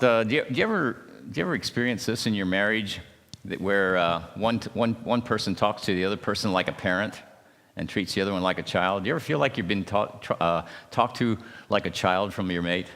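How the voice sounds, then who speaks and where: A man with a fairly low voice leads a church marriage seminar. He talks haltingly, restarting his words and often checking in with "okay?". His voice rings out with a long reverb in a church hall. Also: a bit bright.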